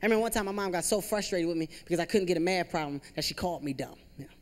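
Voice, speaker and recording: A young man doing stand-up comedy on a theater stage, animated and self-deprecating, peppering his talk with "you know.". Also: sits high, racing, big-room sound. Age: 20s. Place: theater stage with live audience.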